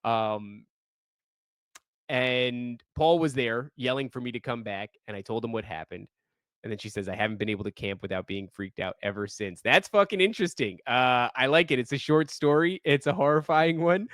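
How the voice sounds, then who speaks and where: A man co-hosting a podcast, reading listener stories in casual chat, animated and profane, often laughing while he reads. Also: mid-range voice, normal speed, dry recording, clean studio sound.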